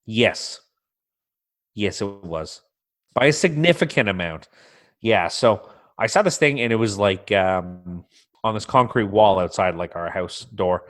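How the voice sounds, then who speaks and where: Calling in remotely through a computer mic, a podcast co-host with a lowish, fairly bright voice speaks at a measured pace but with animation. He tells profane stories, dramatizing his own alarm as he goes.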